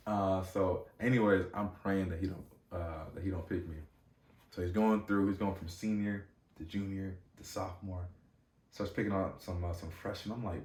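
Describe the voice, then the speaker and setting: Low-voiced man telling a story, echoey room. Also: moderate pace, far from the mic. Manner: animated, slangy, many fillers and restarts. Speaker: podcast host. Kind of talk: casual storytelling monologue.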